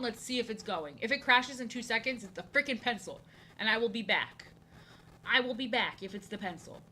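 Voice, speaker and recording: A woman's voice: mid-range voice, pushed and bright, a little hiss or hum, rough recording. A woman chatting casually on a live stream while she draws, rambling, repeating lines and poking fun at herself. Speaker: art streamer.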